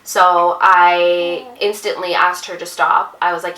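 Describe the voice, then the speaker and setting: A woman's voice: on the low side, level tone, a little slow, hardly any pauses, pushed and bright. Earnest woman telling a story in a roomy space. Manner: earnest, confiding, addresses viewers as ladies and mamas. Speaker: vlogger and new mother. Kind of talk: personal storytelling to camera. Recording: roomy echo, distant mic, faint music.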